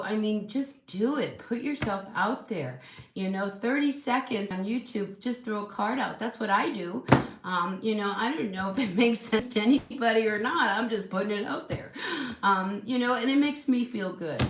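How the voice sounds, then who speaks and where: A woman hosting a casual live tarot reading at home, chatty and encouraging, with lots of "you know" fillers. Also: medium pitch. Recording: echoey room with steady noise.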